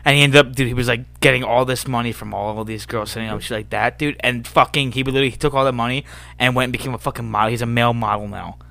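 A man's voice: mid-range voice, steady tone, quick pace, creaky, bright, forceful tone. A man co-hosting a casual podcast, cursing and saying dude and bro often. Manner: swears a lot, says dude and bro. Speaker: podcast co-host.

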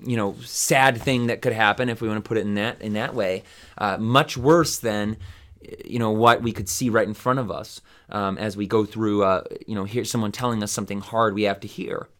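A man's voice: on the low side, moderate pace, a bit bright. A man hosting a Bible study podcast, teaching in a casual, rambling way with many fillers and restarts.

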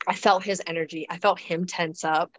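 A woman's voice: lowish voice, fairly even intonation, moderate pace, no echo, poor audio. A woman guest in a casual interview, talking reflectively with many restarts and fillers. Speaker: guest describing her births.

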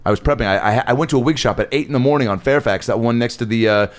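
A man co-hosting a podcast, telling an animated, profane story with laughter in casual chat. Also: medium pitch, rapid-fire. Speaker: podcast co-host.

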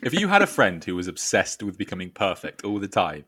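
A man's voice: on the low side, wildly swooping pitch, fairly quick, few pauses, pushed and bright, breathy edge. A man co-hosting a podcast, playful and prone to stammering. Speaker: podcast co-host. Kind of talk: casual chat.

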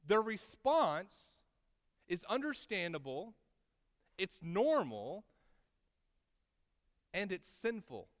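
A man preaching a sermon, swinging between loud, emphatic lines and quiet, drawn-out asides. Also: sits high, big pitch swings, in a large hall. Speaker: pastor.

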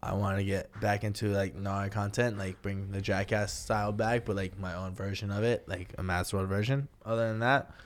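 A man's voice: lowish voice, steady tone, normal speed, hardly any pauses. A young man talking as a podcast guest in a casual, laid-back way, swearing freely and laughing at himself. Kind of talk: casual chat.

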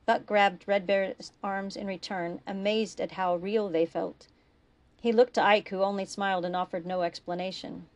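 A woman reading her own fiction aloud in a steady, expressive storytelling voice. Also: mid-range voice, moderate pace, dry recording.

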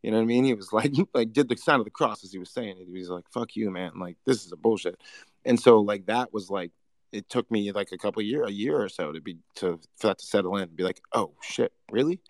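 A man hosting a podcast, chatting casually and telling stories in an animated way full of "like". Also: fairly low pitch, dry recording. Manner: animated, quick storytelling with lots of "like". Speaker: podcast host. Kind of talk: casual conversation.

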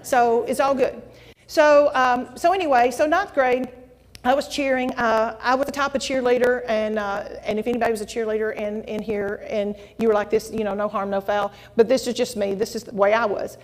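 A middle-aged woman giving a folksy, animated testimony to a church congregation. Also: on the high side, normal speed. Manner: folksy, animated storytelling, addresses audience as y'all. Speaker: guest speaker at church. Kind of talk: testimony sermon. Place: church sanctuary. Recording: long hall reverb.

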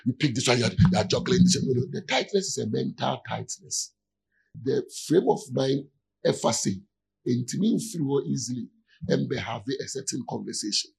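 A pastor preaching in an easygoing, conversational way, stopping often to ask whether his listeners follow. His voice is heavily gravelly with a husky edge. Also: mid-range voice, darkish tone, rough recording. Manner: keeps checking in with listeners. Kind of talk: conversational sermon.

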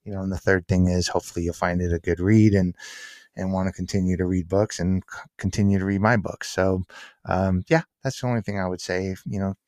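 A man's voice: low voice, fairly even intonation, brisk, darkish tone, dry recording, clean studio sound. A man talking as the guest on a podcast, speaking earnestly and with emphasis, sometimes acting out what people said. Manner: earnest, emphatic, acts out quotes. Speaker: author and guest. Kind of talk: podcast interview.

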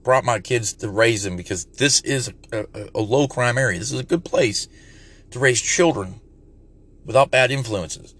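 A man's voice: medium pitch, animated, normal speed, a bit bright, breathy edge. A man in his forties rants bluntly and profanely while putting on a redneck drawl. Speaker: parent vlogger. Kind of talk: casual rant to camera.

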